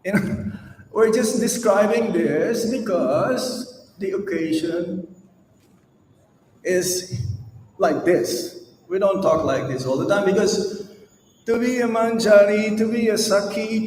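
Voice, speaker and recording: Guy giving a slow devotional talk, highish voice, echoey temple hall, mic kinda far off. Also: expressive, darkish tone, slight background noise. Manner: slow, emphatic, addresses the audience with rhetorical questions. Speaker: swami giving a lecture. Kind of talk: devotional sermon.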